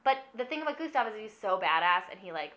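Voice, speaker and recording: A woman's voice: mid-range voice, big pitch swings, fast talker, a bit bright. A drunk young woman rambling through a comic movie recap, filling every phrase with "like". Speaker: film recapper.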